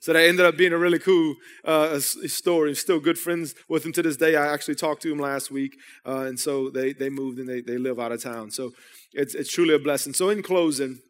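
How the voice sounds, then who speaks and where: A young man preaches a sermon, talking as if to friends and often restarting his sentences. His voice sits fairly high for a man. The sanctuary gives it a long trailing reverb. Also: steady tone, a little fast, a bit bright. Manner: storytelling, conversational with repeated restarts. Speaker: pastor. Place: church sanctuary. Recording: long hall reverb in church.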